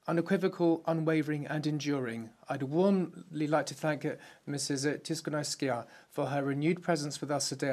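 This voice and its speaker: A man interprets a parliamentary speech as it is delivered, and his voice sits a little high for a man. His delivery stays formal and measured throughout.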